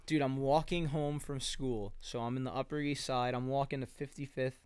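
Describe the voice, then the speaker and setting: A man's voice: medium pitch, fairly even intonation, moderate pace, a little mellow, clean tone, dry recording. A young man from New Jersey co-hosting a podcast, telling stories in a rambling way packed with "like" and "dude". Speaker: podcast co-host. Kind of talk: casual storytelling. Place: home basement, on a couch.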